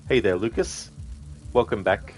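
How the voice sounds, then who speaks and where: Chill guy streamer chatting with chat, lowish voice, game music faint behind. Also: measured pace. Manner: relaxed, chuckling, greets viewers by name. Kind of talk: casual live-stream chat with viewers.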